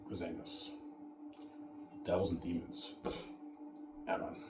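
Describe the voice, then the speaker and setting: A man's voice: low voice, little pitch movement, takes it slowly, echoey room, over music. A man hosting his own show in a casual, rambling monologue, repeating himself and tagging his sentences with "man.". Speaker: show host.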